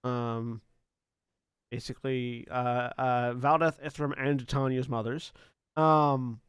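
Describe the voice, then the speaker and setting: A man running a tabletop game as game master, narrating loosely with halting pauses and bursts of laughter. His voice is smooth and clear. The sound is dry, with no room echo. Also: medium pitch, level tone.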